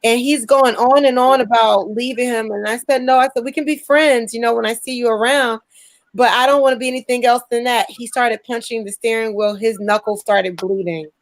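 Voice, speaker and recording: A woman's voice: a little high, fairly quick, no room sound, poor audio. A young woman, a show host telling a story in casual chat and acting out the voices she quotes. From New Jersey. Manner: lively, acts out quoted voices.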